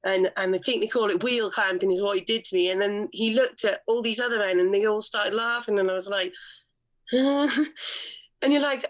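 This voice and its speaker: A woman's voice: on the high side, a little fast, fairly bright tone, rough recording. A woman guest on a podcast, speaking candidly and telling personal stories in casual conversation, with frequent restarts and blunt swearing.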